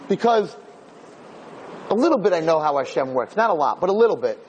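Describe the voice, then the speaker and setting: A male rabbi preaching a sermon, telling miracle stories with animated energy, often restarting and speaking directly to his audience. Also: fairly quick, dull audio, slight background noise. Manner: animated, climbing to excited high pitch in stories; frequent restarts and asides to the audience. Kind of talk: storytelling sermon.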